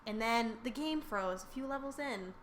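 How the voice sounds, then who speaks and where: A woman's voice: on the high side, normal speed, a little hiss or hum. A woman co-hosting a podcast in casual chat, talking in a chatty, rambling way. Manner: chatty, rambling with many fillers and restarts. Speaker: podcast co-host.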